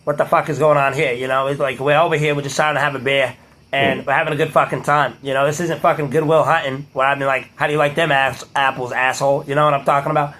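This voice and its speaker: A man with a Boston accent voicing a gruff, profane tough guy who talks fast street slang. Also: medium pitch, little pitch movement, sharp tone, lightly acted. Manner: gruff, swearing, rapid street talk.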